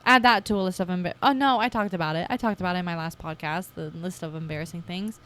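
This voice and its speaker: A young woman in her twenties, hosting her own podcast, telling her story in a chatty, casual way and acting out her past self with lively jumps in voice. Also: on the low side, fast talker. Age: 20s. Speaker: podcast host. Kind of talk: casual personal podcast monologue.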